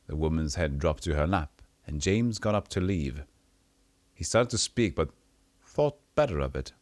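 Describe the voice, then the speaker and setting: A deep-voiced man streaming an old role-playing game, chatting casually and reading its text aloud. His delivery swings up and down with plenty of life, and he trips over words and fixes them as he goes. The sound is dry and close, recorded at his home streaming setup. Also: normal speed, no echo. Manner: animated, reads with stumbles and self-corrections.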